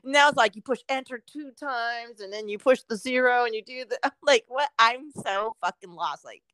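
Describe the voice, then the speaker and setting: This is a middle-aged woman from Southern California, co-hosting a casual podcast. Her voice sits a little high and sounds dry and close to the mic. She tells stories with plenty of cursing and laughter. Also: normal speed, bright, forceful tone, smooth, no room sound. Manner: profane, laughing storyteller. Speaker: podcast co-host. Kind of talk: casual chat.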